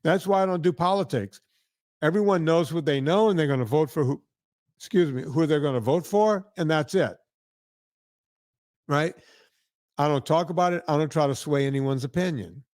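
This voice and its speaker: A man's voice: on the high side, moderate pace, pauses often, darkish tone, no room sound, studio quality. A man hosting a podcast, telling rambling stories in casual chat and often checking in with "right?". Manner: rambling, tag questions like "right?". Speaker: podcast host.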